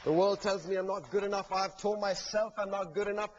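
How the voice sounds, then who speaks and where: A man preaching a sermon earnestly, building to fervent peaks and dropping to soft, quiet lines. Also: high-pitched, fairly even intonation, fairly quick, dull audio, a little hiss or hum.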